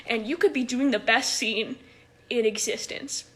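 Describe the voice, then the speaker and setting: Young female improv coach, bright and sharp, casual and filler-heavy, talking into a phone. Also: on the high side, a little slow. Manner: chatty, laughs often, many "like" fillers. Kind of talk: casual livestream talk.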